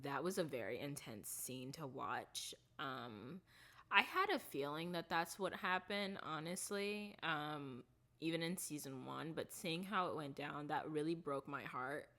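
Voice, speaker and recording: A woman vlogger recapping a TV series in casual, rambling chat, full of fillers and restarts, softening her voice on the sad parts. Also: sits low, lively intonation, a little slow.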